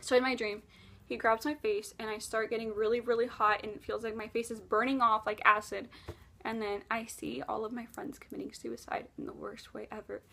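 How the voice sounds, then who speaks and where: A woman tells a painful personal story straight to camera, earnest and emotional. Her voice sits a little higher than average. She swings between loud outbursts and hushed, almost whispered moments. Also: little pitch movement, a little fast, gravelly. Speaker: vlogger. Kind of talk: confessional storytelling vlog.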